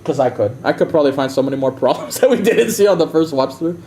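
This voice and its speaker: A man's voice: fairly high pitch, animated, fast, warm tone, a little hiss or hum. A man ranting profanely and heatedly during a casual livestream, often slipping into mocking voices. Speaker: live streamer.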